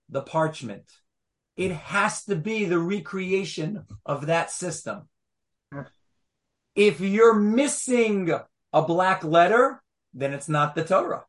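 A man's voice: sits high, fairly bright tone. A man teaching Torah to a small group, reading verses aloud and pressing his listeners with rhetorical questions. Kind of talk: animated text study with a small group.

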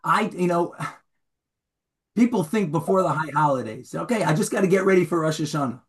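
A man teaching a Torah class as rabbi, informal and animated, acting out stories and raising his voice for the punchlines. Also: high-pitched. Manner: animated storyteller, shouts when acting out scenes.

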